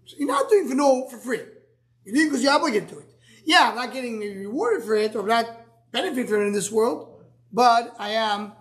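Halting man teaching a Talmud class. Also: extremely high pitch, lively intonation, a bit bright. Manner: explains step by step, asks and answers himself; halting, restarts words. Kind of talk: live Gemara class.

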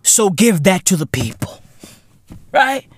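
Slow and sing-song, a high-sitting male voice rants comedically as a podcast host, profane and boastful, packing in slang and laughing at his own jokes. There is no room sound.

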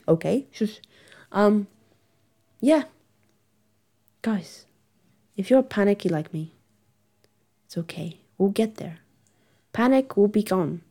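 A woman's voice: mid-range voice, animated, slow, vocal fry, long pauses, warm tone. A young woman vlogger talking casually and at length to her viewers, rambling and laughing often as she reassures herself and them. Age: young adult. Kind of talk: casual chat to camera.

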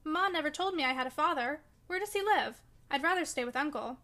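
A woman's voice: high-pitched, animated, fast, bright, forceful tone, exaggerated voice. A woman voicing a sickly, fretful young boy who asks plaintive questions.

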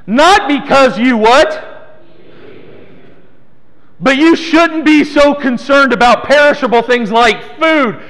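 A man preaches to a small church, his voice sitting very high for a man. He teases listeners by name between points. The sound rings on with long hall reverb. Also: slow, pauses often, a bit bright. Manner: playful, teasing congregation by name. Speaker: pastor. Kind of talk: sermon.

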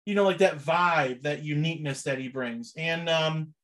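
A young man talks loosely as a podcast co-host, his voice sitting a little high. He rambles along in relaxed chat and laughs often. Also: moderate pace. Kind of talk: casual chat.

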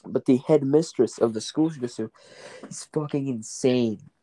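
A man's voice: mid-range voice, normal speed, warm tone, rough recording. Blunt, crude-talking man. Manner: blunt and crude, swears freely, dry corrections. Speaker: stage actor guest. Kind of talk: casual chat.

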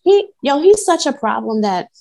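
Animated, profane woman ranting about fights. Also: sits high, normal speed. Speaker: podcast co-host. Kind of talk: casual sports chat.

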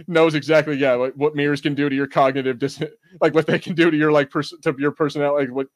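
A man's voice: fairly high pitch, little pitch movement, fast, hardly any pauses, dry recording. A young American man co-hosting a podcast in casual chat, laughing often and swearing casually. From United States. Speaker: podcast co-host.

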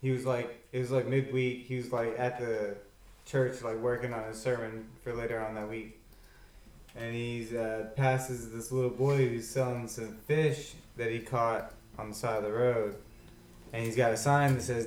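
A man's voice: mid-range voice, level tone, normal speed. A man telling a joke to a group in a rambling way, with lots of fillers. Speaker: joke teller. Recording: roomy, far from mic, faint ambience.

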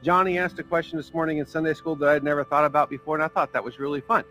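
A man's voice: on the high side, fairly even intonation, very fast, bright, forceful tone, rough recording. A man preaching a sermon as pastor, in a casual, conversational way with fillers and small jokes.

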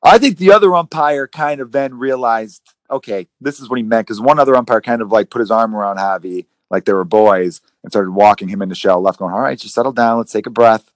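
A man hosting a casual sports podcast, rambling and animated, with some swearing. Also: fairly low pitch, a little fast, hardly any pauses, dry recording. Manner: rambling, profane, animated retellings. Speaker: podcast host.

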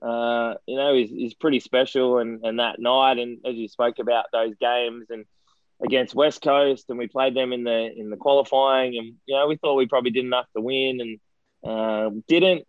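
A man's voice: mid-range voice, fairly even intonation, normal speed, smooth, no echo, narrow, tinny audio. Rambling Australian man telling footy stories. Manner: rambling, self-deprecating storyteller with many restarts and fillers. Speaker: guest, former footballer and coaching director. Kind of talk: casual interview chat.

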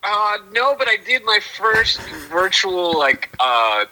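Stammering man on a bright phone line. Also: high-pitched, sing-song, slow pace, slight background noise. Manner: hesitant, stammering, dry humor. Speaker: podcast co-host. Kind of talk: casual podcast chat. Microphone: calling in by telephone. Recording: tinny telephone line.

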